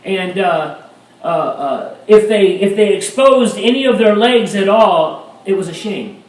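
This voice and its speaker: High-voiced preaching man in echoey hall. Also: a little slow. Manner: animated preaching, rising to shouts. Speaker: pastor. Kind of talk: sermon. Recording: echoey room, mic at a distance.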